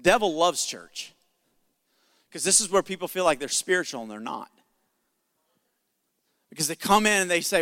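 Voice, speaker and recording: A man's voice: high-pitched, big pitch swings, moderate pace, long pauses, sharp tone, in a large hall. A male pastor preaching a sermon in an emphatic, conversational way with jokes.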